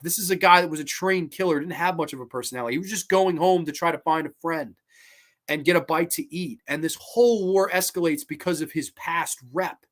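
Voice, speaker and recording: Enthusiastic, rambling male film reviewer. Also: a little high. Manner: excited, rambling, swears freely. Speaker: movie review host. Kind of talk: casual film commentary.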